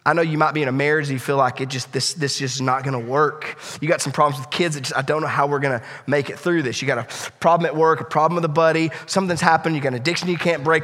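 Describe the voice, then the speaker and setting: A male pastor preaching a sermon with passion, swinging from loud appeals to hushed, quiet lines. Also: fairly high pitch, fairly even intonation, fast talker, hardly any pauses, long reverb tail.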